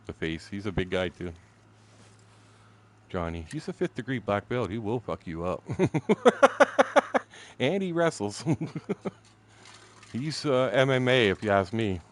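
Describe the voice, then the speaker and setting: A man's voice: lowish voice, very animated, slow, long pauses. A man in his sixties from Canada, telling a story during a game stream in a blunt, profane, laughing way. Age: 60s. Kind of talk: casual storytelling chat.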